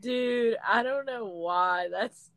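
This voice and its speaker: A woman's voice: fairly high pitch, slow pace, fairly bright tone, dry recording. A young adult woman co-hosting a podcast, who talks in slangy, profane casual chat and laughs often. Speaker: podcast co-host.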